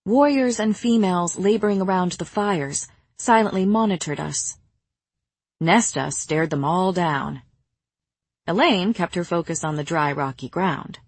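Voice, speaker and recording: Husky-voiced woman narrating a novel. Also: fairly low pitch, unhurried, no room sound. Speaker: audiobook narrator. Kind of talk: scripted first-person narration.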